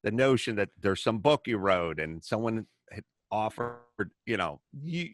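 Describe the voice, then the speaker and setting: A middle-aged man hosting a talk show, telling stories in a casual, animated way, acting out the people he quotes and swearing freely. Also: fairly low pitch, normal speed, no room sound, studio quality. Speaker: podcast host. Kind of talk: casual storytelling chat.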